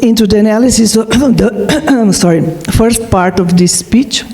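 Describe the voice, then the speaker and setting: Woman lecturing, slow and careful, lots of uh's, soft mellow tone. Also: fairly high pitch, low-quality recording. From Slovenia. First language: Slovene. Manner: deliberate, with frequent hesitant fillers. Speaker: philosopher giving a lecture. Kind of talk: academic lecture.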